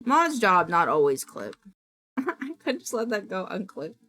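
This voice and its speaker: A woman streamer chatting casually with her viewers, animated and quick to laugh and apologize. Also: mid-range voice.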